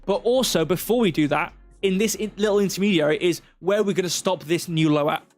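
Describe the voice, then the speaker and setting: A man's voice: high voice, fairly quick. A man talks through trading charts on a live stream in a slightly raised voice, stepping point by point and drifting into digressive, self-deprecating asides. Faint music runs underneath. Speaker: crypto livestream host.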